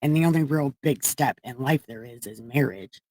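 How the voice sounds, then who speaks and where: A woman's voice: very deep voice, moderate pace, a little mellow, no room sound, rough recording. A woman reading the Bible on a livestream in a comedic, casual way, irreverent and profane, chatting with viewers.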